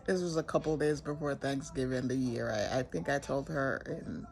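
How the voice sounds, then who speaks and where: Earnest older woman with a gravelly voice. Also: a bass voice, darkish tone. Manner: earnest, halting, emotional, with many restarts. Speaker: vlogger telling her coming-out story. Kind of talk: personal storytelling to camera.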